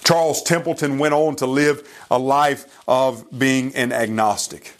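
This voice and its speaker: A man preaching a sermon who retells a story in an earnest, pleading way and speaks slowly and deliberately. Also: mid-range voice, steady tone.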